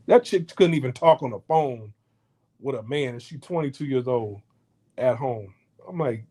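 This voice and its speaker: A man's voice: medium pitch, animated, unhurried, long pauses, dark tone. A man ranting in a casual, heated monologue, swearing often and stumbling over repeated words. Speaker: podcast host. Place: home in Houston.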